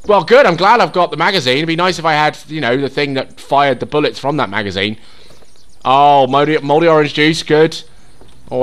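A young man giving casual, sweary commentary as he plays a survival game, talking to himself and the game. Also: mid-range voice. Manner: drops to a whisper while sneaking; shrieks and yells in panic during chases. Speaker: gaming YouTuber. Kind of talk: casual let's-play commentary.

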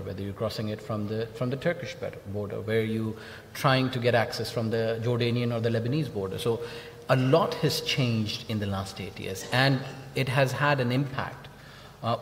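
A man journalist on a festival panel, speaking earnestly and emphatically, repeating points for weight. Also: mid-range voice. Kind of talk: panel discussion. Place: large festival hall. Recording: long hall reverb with faint noise.

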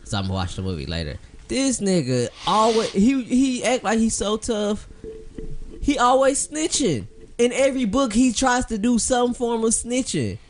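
A man's voice: extremely high pitch, sing-song, normal speed, slight background noise. A young man co-hosting a podcast in casual chat, laughing often, swearing freely and slipping into goofy voices. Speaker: podcast co-host.

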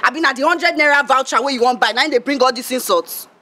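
A woman's voice: high-pitched, fast talker. An actress with a Nigerian accent playing a feisty young woman who sells recharge cards and talks back in Pidgin. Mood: indignant. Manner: Nigerian Pidgin, sharp and indignant.

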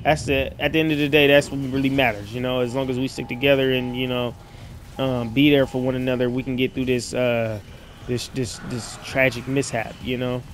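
A man giving casual, slangy commentary while playing a horror game in a dark room at night, yelping when startled. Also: mid-range voice, flat delivery, fairly quick, slight background noise. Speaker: gaming streamer. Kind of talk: casual let's-play commentary.

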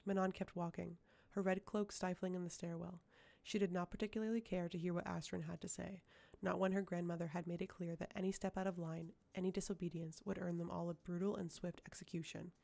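Woman reading a fantasy audiobook, mellow dark voice, lots of vocal fry, steady pace. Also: on the low side, a little fast, few pauses. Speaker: audiobook reader. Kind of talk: audiobook narration.

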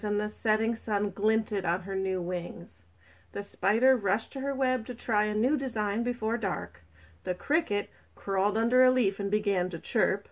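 A woman reading a children's story aloud in a gentle, unhurried narration. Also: medium pitch. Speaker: storybook reader. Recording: dull lo-fi recording.

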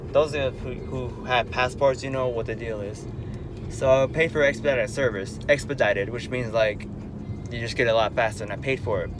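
A man's voice: mid-range voice, noisy background. A young man in a casual vlog rant, exasperated and rambling with lots of fillers, talking from his car. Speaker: vlogger.

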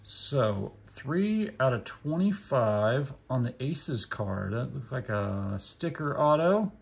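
A card collecting channel host with a mixed Oklahoma and Indiana accent casually reads card names aloud one at a time as he opens packs, tossing in short remarks. His mid-range voice is creaky and slow, with big swings in pitch.

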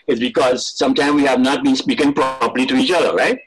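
An older man, talking as a storyteller in a webinar interview, animated and laughing at his own jokes. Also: mid-range voice, quick pace, rough recording. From Caribbean. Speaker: storyteller and writer. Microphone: video call.

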